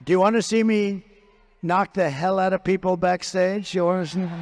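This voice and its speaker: At a large venue, a man gives a rambling, combative rally speech into a handheld stage microphone. His voice is high with fairly even intonation at normal speed, and the big hall adds long reverb.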